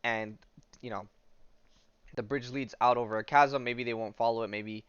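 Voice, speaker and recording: A man hosts a podcast, walking through a comic story in a loose, meandering way, stopping often on "um" and "like." His voice is smooth and sits at a middling pitch. The sound is dry and slightly dull and lo-fi. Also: steady tone, moderate pace, a bit bright, no room sound. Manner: hesitant, full of ums and likes. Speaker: podcast host. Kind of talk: casual comic book recap, reading passages aloud. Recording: dull lo-fi audio.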